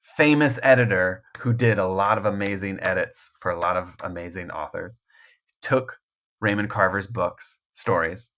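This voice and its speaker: A man with a deep, slightly bright voice talks at a moderate pace as a guest author in a casual podcast chat. He rambles and puts himself down, restarting often and laughing frequently mid-thought.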